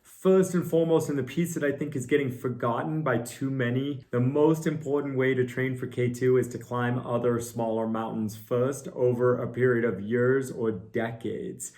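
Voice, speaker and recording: A man's voice: medium pitch, steady tone, normal speed, few pauses, darkish tone. A middle-aged man, a mountain guide, answering viewer questions in a casual, earnest way. He thinks aloud with fillers and pokes fun at himself.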